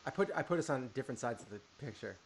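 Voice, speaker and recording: Gravelly, animated man co-hosting a stream. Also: medium pitch, rapid-fire. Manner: animated and playful, jokes and exclaims. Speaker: co-host running the stream. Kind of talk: casual live-stream chat.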